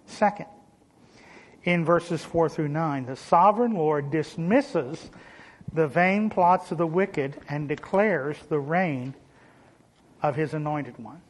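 A pastor preaching a sermon, with sudden emphatic rises and dry sarcastic asides. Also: male voice, on the high side, takes it slowly.

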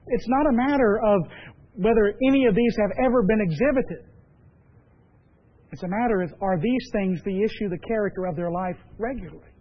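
High-voiced man preaching a measured sermon. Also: muffled recording. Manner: emphatic, measured preaching with repeated phrases. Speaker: pastor.

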